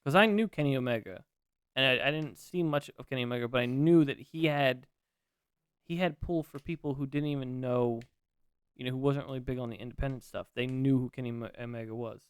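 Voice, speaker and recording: A man co-hosting a podcast, chatting about wrestling in an excitable, jokey, rambling way. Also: mid-range voice, fairly quick, smooth, no room sound, clean studio sound. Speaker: podcast co-host. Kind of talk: casual wrestling chat.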